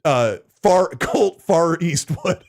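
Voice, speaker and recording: A man's voice: a little high, takes it slowly, vocal fry. A man hosting a gaming news podcast, chatting casually and joking, often laughing. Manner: animated, jokey, laughs often. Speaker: podcast host.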